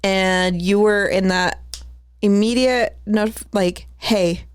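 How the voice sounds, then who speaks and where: Female host, calm probing interviewer, mid pitch, dry close recording. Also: slow pace, clean tone, dry recording. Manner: probing questions, calm affirming. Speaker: podcast host, relationship coach. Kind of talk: casual chat.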